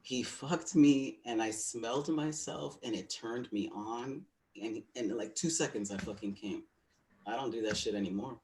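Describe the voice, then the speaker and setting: A man's voice: mid-range voice, moderate pace, darkish tone, a little hiss or hum. A man co-hosting a webinar, telling a personal story in a frank, confiding way with plenty of fillers. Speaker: webinar co-host.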